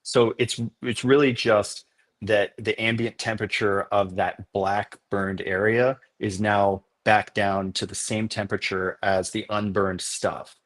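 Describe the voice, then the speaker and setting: A man on a podcast interview, explaining things at length and telling animated stories from his filming work. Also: lowish voice, a little slow. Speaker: documentary filmmaker guest.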